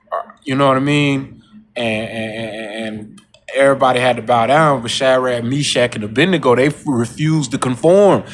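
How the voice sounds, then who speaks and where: A man with a fairly bright voice talks in a casual monologue vlog, with a little hiss or hum in the audio. He preaches and repeats himself, saying "you know what I'm saying" over and over, and mocks coworkers in a high voice.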